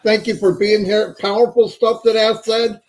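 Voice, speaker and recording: A man's voice: high-pitched, level tone, moderate pace, a little mellow, low-quality recording. A man hosting a live stream, signing off with upbeat motivational urging. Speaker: host.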